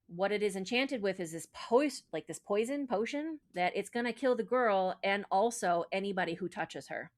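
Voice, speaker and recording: A woman's voice: medium pitch, animated, moderate pace, few pauses. A woman podcast host retelling a myth in casual chat, with lots of fillers and profanity. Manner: chatty, profane, filler-heavy.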